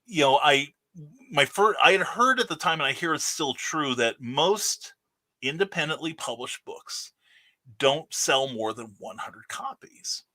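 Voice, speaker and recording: Male guest author, higher-pitched, bright voice, animated anecdote-teller with many fillers. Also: measured pace. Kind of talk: casual interview talk.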